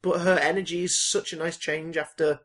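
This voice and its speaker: A man's voice: on the high side, little pitch movement, normal speed, fairly bright tone. A man co-hosting a podcast, chatting casually in rambling, sweary bursts that sometimes speed up. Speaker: podcast co-host. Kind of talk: casual chat.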